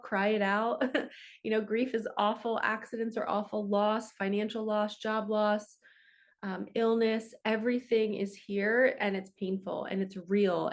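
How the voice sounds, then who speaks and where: A woman hosting her own channel as a spiritual coach, speaking to camera in a casual, earnest and reflective way, with frequent fillers. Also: medium pitch. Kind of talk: casual heartfelt talk to camera.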